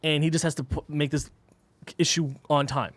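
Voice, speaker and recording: A man guesting on a podcast as a comic artist, talking quickly with lots of fillers in a casual chat. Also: a little high, fairly even intonation, no echo.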